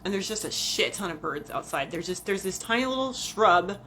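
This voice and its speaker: A woman's voice: mid-range voice, animated, moderate pace, fairly bright tone, a little hiss or hum. A woman vlogger chatting casually and profanely on a livestream, rambling and talking to viewers like friends.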